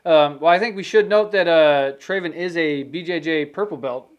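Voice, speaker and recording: A man's voice: a little high, normal speed, smooth, lo-fi sound. A man co-hosting a casual sports podcast, talking loosely with restarts and asides. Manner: loose and conversational, with restarts and fillers like "you know" and "man". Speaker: podcast co-host. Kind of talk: casual sports prediction chat.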